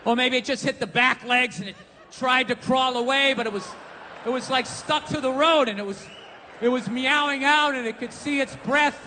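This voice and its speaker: Loud ranting comedian on stage. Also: male voice, very high voice, normal speed, a little hiss or hum. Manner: ranting, profane, swings into shouted character voices. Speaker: stand-up comedian. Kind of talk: stand-up comedy. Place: comedy club stage before a live audience. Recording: roomy hall with faint ambience.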